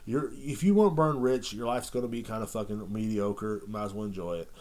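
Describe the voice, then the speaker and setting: Man, podcast host, crude rambling rant, sardonic, warm dark tone. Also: lowish voice, brisk. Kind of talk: casual rant monologue.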